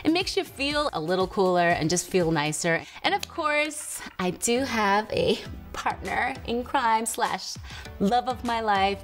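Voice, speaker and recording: Woman host, casual to-camera chat, bubbly, laughs a lot, soft music underneath. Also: on the high side, expressive, measured pace. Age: adult with a teen daughter and a baby. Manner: bubbly, laughs often, chatty asides.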